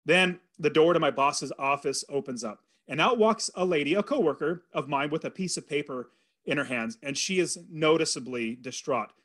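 A middle-aged man who is a podcast guest, telling his life story in an earnest, animated way and acting out his own thoughts aloud. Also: on the high side, moderate pace. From California. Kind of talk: storytelling in an interview.

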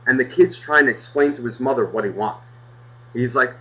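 Brief: male podcast co-host, sharp bright voice, foul-mouthed exasperated storyteller, muffled lo-fi audio. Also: medium pitch, normal speed. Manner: profane, exasperated, heavy swearing. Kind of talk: casual storytelling rant.

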